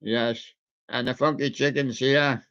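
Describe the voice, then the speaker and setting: A man hosts a casual, homemade radio show, unhurried and playful as he chats away. His voice sits at a middle pitch. The sound is dull and lo-fi. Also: steady tone. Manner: chatty, playful, talks to soft toys and does their voices.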